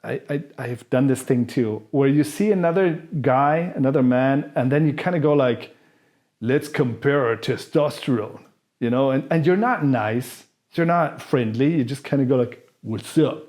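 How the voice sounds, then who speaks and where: A man's voice: medium pitch, normal speed, hardly any pauses, darkish tone. A man telling a personal story in casual, candid speech, freely swearing and acting out the people he describes. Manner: candid, profane, acts out the people in his story. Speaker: vlogger answering viewer questions.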